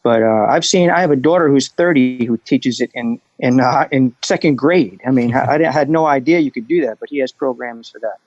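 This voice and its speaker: A middle-aged man talking as a guest on a podcast, telling anecdotes and getting animated when he quotes people. His voice comes through slightly dull and dry, with no room sound around it. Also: mid-range voice, a little fast, few pauses, no echo. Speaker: guest, restaurant executive and coach. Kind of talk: conversational interview.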